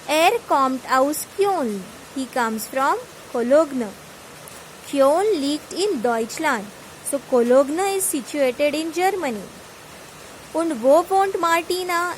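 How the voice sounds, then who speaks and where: A woman's voice: high voice, slight background noise, poor audio. A woman with an Indian English accent, teaching German by reading each word aloud and then giving its English meaning. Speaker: German tutor. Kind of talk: reading vocabulary with translations.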